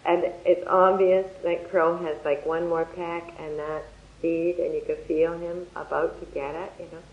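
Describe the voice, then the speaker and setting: A Dharma teacher giving a talk in a lively, anecdotal way and closing with a guided meditation. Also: mid-range voice, a little slow. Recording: echoey, dull lo-fi room recording.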